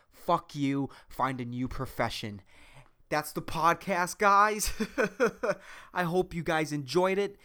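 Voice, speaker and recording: A man hosting a solo comedy podcast, rambling and self-mocking, crude, with a high squeaky voice. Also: fairly bright tone, clean tone. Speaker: podcast host.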